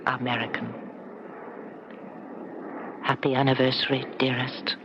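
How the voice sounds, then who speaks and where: An actress playing a middle-aged former resistance fighter, now a teasing, affectionate wife, in a 1970s radio drama. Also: female voice, very deep voice, little pitch movement, a little slow. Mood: tender. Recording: muffled old radio broadcast with hiss.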